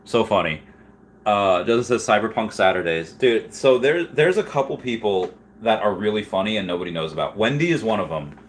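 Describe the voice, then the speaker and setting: Chatty low-voiced man rambling on a stream. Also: fairly quick, slight background noise. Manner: animated, rambling, laughs often. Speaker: streamer reading live chat. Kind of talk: casual livestream chat.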